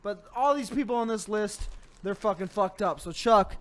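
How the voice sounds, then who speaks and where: Young male co-host, very high voice, furious profane rants, comic delivery. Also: moderate pace. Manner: angry ranting, heavy swearing. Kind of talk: profane comedic rant.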